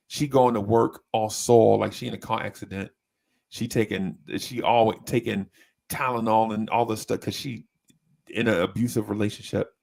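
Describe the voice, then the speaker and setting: A man telling a story in casual chat, animated and often breaking into high voices to mimic people. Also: vocal fry. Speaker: podcast co-host.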